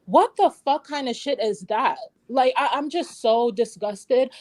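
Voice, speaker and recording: Furious ranting woman, slightly high voice. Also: animated, a little slow, a little mellow. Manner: angry, profane ranting. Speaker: livestream panelist. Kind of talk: heated casual chat.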